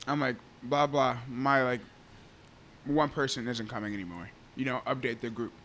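A man in his twenties co-hosting a podcast, telling stories in a casual, animated way and often calling others "bro.". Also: medium pitch, moderate pace, a little hiss or hum. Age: 20s. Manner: animated storytelling, laughing, says "bro" often. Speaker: podcast co-host.

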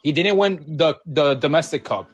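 A man arguing fast and insistently in a casual podcast debate, rattling off statistics and pressing the others to convince him. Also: a little high, animated, husky, muffled recording. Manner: fast, insistent, combative, reels off stats. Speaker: podcast co-host.

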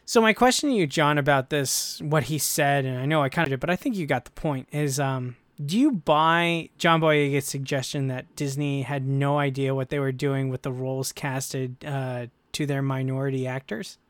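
A man hosting a casual podcast discussion, animated and chatty, breaking into playful voices when quoting others. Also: medium pitch, normal speed, hardly any pauses, clear, resonant tone, no room sound. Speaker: podcast host.

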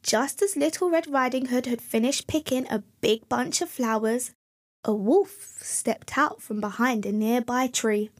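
A woman reading a children's fairy tale aloud as storyteller, gentle and clear. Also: a little high, unhurried.

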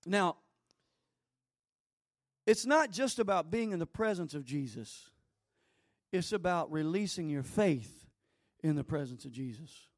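A male pastor preaching a sermon in a church, telling the story with animated, emphatic repetitions. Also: a little high, no echo, clean studio sound.

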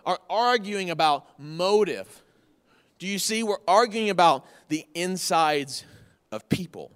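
A man in his thirties preaches in a high-sitting, slightly bright voice, keeping his sermon conversational and folksy. He repeats key phrases to drive points home, and the room's long hall reverb hangs on every line.

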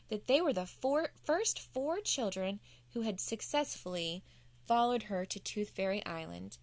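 A woman's voice: a little high, a bit bright, no room sound. A woman telling a playful bedtime story to children as the show's host.

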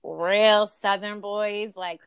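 Lively New York woman chatting. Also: medium pitch, very slow, smooth, dry recording. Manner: animated, laughs often, slangy. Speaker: podcast co-host. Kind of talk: casual chat.

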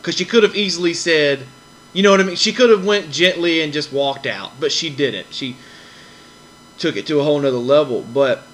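A man's voice: a little high, brisk, a bit bright, poor audio. A man hosting a podcast, telling a long story in a rambling, casual way, repeating himself and acting out other people's lines. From American South. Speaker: podcast host.

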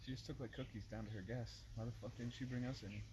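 A man's voice: mid-range voice, fairly even intonation, quick pace, background noise. A young man in casual chat with friends, complaining bluntly and swearing. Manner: blunt, foul-mouthed complaining.

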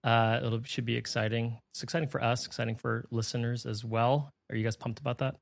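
A man hosts a podcast with a cheerful, promotional manner, stretching some words as he teases what's coming next. His voice sits at an ordinary pitch, recorded dry and close. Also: level tone, a little fast, creaky, no echo. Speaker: podcast host. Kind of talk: casual chat.

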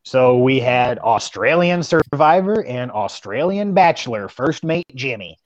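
A man's voice: medium pitch, lively intonation, a little slow, no room sound, dull audio. A man guest on a podcast, chatting casually and cracking small jokes about his time away. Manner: easygoing, joking, apologetic when interrupting. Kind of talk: casual chat.

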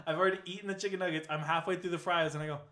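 A man's voice: high voice, fairly even intonation, fast, sharp tone. A young man in casual chat with friends, rambling and swearing, often laughing.

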